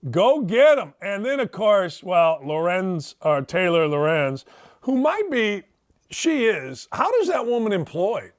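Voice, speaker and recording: A man's voice: high voice, sing-song, unhurried. A middle-aged man hosting a sports talk show, ranting bluntly and sarcastically in a rambling way. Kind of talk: opinionated talk radio rant.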